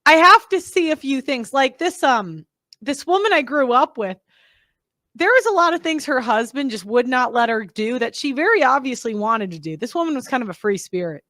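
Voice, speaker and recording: A woman hosts a reaction commentary, her voice pitched high and recorded close and dry. She talks bluntly and candidly, piling on asides and restarting her sentences. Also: sing-song, normal speed, fairly bright tone, no room sound. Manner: candid, blunt, rambling, self-interrupting. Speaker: host.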